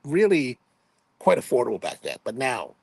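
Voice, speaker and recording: A man's voice: medium pitch, huge pitch swings, normal speed, gravelly, a little mellow, breathy edge, dry recording. A man in his fifties from Hawaii, hosting a livestream and telling rambling, chatty anecdotes in which he quotes himself playfully. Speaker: livestream host. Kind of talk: casual livestream storytelling.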